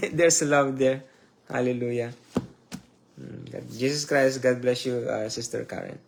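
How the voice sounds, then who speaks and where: Slow, emotional male preacher. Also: mid-range voice, vocal fry, slight background noise. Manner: slow, emotional preaching with swells and drops in loudness. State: tearful. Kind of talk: sermon.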